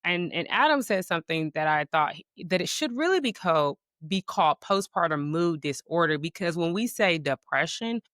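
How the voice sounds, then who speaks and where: A woman hosting a podcast in casual talk, chatty and quick to affirm her guest. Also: fairly low pitch, animated, a bit bright, no room sound, clean studio sound. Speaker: podcast host. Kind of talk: casual conversation.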